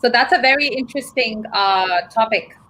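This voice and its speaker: A woman's voice: a little high, moderate pace, pushed and bright, a little hiss or hum, low-quality recording. A young woman hosting a live online English lesson in an easygoing, agreeable way. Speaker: English teacher.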